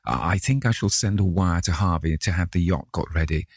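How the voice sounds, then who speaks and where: A man voicing a nervous, haunted young gentleman who stammers anxiously in a read-aloud classic novel. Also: sits low, fairly quick, husky, no room sound, studio quality. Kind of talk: audiobook character reading.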